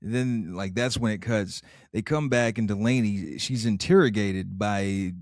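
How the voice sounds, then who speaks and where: A man's voice: lowish voice, measured pace, darkish tone, dry recording. A man co-hosting a podcast, recapping a TV episode in casual chat with dry one-liners. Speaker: podcast co-host.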